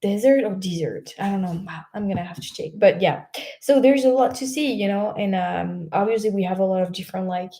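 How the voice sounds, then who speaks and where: A woman's voice: medium pitch, fairly quick, dark tone. A young French woman hosting a casual livestream, reading out viewer comments, chatty and laughing often, with many fillers and restarts. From France.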